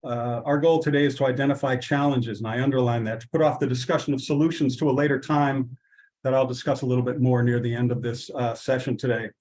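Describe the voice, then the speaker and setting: A man with a middling voice opens an online workshop. He speaks in a measured way, pausing on fillers and restarting his sentences. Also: medium pitch, flat delivery, a little mellow, low-quality recording. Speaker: workshop host. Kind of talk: opening remarks at an online workshop.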